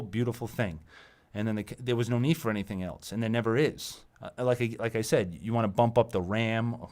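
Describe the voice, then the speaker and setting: A tired, exasperated man hosting his own channel, ranting about software and the internet, swearing often and repeating himself. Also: fairly low pitch. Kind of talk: profane tech rant monologue.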